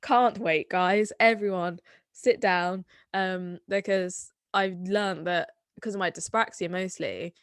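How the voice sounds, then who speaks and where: A woman's voice: lowish voice, steady tone, slow pace, smooth, dry recording. Chatty young Somerset woman, dry sound. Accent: Somerset English. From Somerset, England. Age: 20s. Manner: chatty, rambling, many fillers. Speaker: guest, singer-songwriter. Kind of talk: casual conversation.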